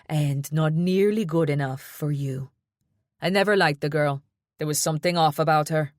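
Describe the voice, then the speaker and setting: A warm, blunt older grandmother with a Jamaican accent, as a woman narrator puts her on. Her voice sits low and close, with no room around it. She speaks firmly and plainly in this storybook reading. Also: moderate pace, dry recording, close to an everyday voice. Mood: disapproving.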